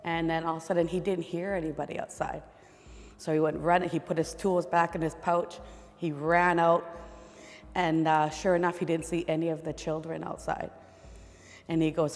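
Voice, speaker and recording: A woman telling a traditional legend in a relaxed, conversational way. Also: low voice, in a large hall. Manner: relaxed, conversational, with fillers and restarts. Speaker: storyteller.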